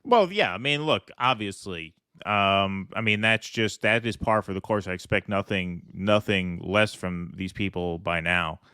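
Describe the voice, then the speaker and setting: A man's voice: low-pitched, measured pace, hardly any pauses, pushed and bright, smooth, no room sound, studio quality. A man co-hosting a casual political commentary show, talking in a wry, conversational way and reading quotes aloud.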